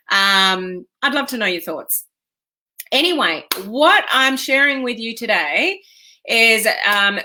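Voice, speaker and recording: Bright, chatty Australian woman. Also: mid-range voice. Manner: chatty and upbeat, greets viewers by name, laughs often. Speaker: live stream host. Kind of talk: casual live chat with viewers.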